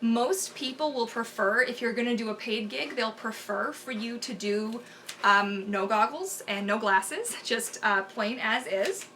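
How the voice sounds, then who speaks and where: A young woman with a bright, fairly high voice chats casually with her live-stream audience. She talks in an animated, rambling way, laughs often and thinks out loud as she goes. A faint hiss sits under the recording. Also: measured pace. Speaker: mermaid performer hosting a live Q&A.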